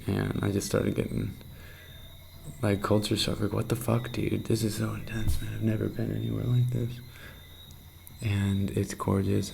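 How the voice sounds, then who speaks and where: Gravelly young man in a rambling video diary. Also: slight background noise, poor audio. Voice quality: gravelly, low-set voice. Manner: rambling, intense, swears a lot, drops to hushed half-whispers. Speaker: vlogger. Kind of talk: candid late-night video diary.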